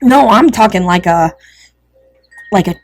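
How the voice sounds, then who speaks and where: A woman's voice: mid-range voice, expressive, measured pace, dry recording, clean studio sound. A woman with a Midwestern American accent co-hosting a casual chat podcast, rambling with lots of filler words. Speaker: podcast co-host. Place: front porch outdoors.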